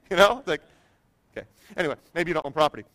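A man pastor delivers a sermon with a high, light voice, trading formal preaching for casual, joking stories. The sound is close and dry. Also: animated, fast talker, pushed and bright, no echo. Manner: conversational storytelling with humor. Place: church.

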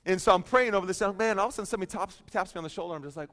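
A middle-aged man preaching with a notably high voice. He tells a self-deprecating story at a loose, chatty pace, full of fillers and asides. The effect is warmly comic. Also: animated, very fast. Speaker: pastor. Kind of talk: storytelling sermon.

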